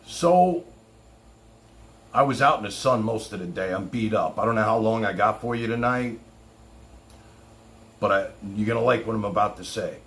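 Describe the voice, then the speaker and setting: A man's voice: on the low side, normal speed, pauses often, a bit bright. A man hosting his own livestream, talking casually in a boastful, rambling showman's way. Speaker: livestream host.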